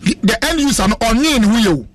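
High-voiced man hosting a radio chat. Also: expressive, quick pace. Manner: joking, preachy asides, mixes languages.

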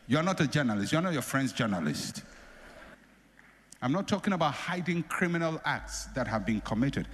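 A middle-aged man preaching a sermon as a pastor, animated, acting out the people he quotes. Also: medium pitch. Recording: long hall reverb.

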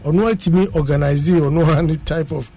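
A man with a Ghanaian accent, a guest talking in a loose, relaxed way on a chat show. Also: fairly high pitch, fairly quick, breathy edge, poor audio. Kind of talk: casual radio chat.

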